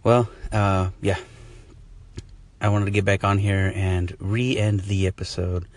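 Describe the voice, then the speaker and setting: A man's voice: low voice, flat delivery, slow pace, no room sound. A man hosting his own podcast, wrapping up an episode in a casual, rambling way with frequent chuckles and self-deprecating asides. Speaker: podcast host. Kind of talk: casual solo podcast outro.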